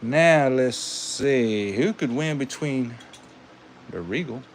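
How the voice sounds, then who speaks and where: Speaking at medium pitch in an animated way, a Southern US man gives casual, folksy commentary while hosting a live toy car race. He draws out his words and says "y'all," and slight background noise can be heard.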